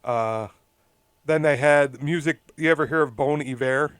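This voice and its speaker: A man co-hosting a casual talk show rambles through a long story and laughs as he goes. His voice is smooth and clear, recorded close and dry with no room sound. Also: fairly high pitch, a little slow, a bit bright, no echo. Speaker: podcast co-host. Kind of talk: casual chat.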